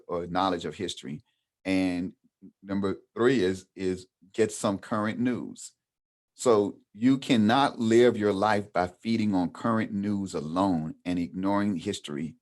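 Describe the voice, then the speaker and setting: A middle-aged man with a very low, deep voice runs a training workshop. He talks loosely and conversationally, with plenty of ums, and starts some phrases over. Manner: conversational, with frequent ums and restarts. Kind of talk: casual workshop teaching.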